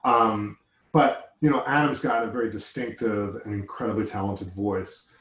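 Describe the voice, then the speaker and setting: A man's voice: fairly low pitch, steady tone, normal speed, a bit bright. Chatty man in a roomy echo. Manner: enthusiastic, rambling, self-deprecating. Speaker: conversation partner. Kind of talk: casual chat.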